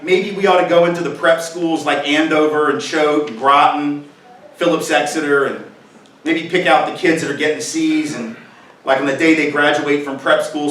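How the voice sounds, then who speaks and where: A man's voice: on the high side, fairly bright tone, slight background noise. A man giving a public lecture at a college, speaking in a punchy, rhetorical way and often asking the audience "right?". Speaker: guest speaker. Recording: echoey hall, mic at a distance.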